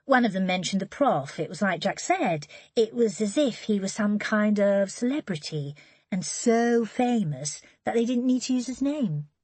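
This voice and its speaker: A thoughtful woman writer speaks in a gentle, measured way, voiced by a woman narrator. Her pitch lifts and falls in a lively way. The audiobook sound is dry and close. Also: husky, no echo. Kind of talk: audiobook character reading.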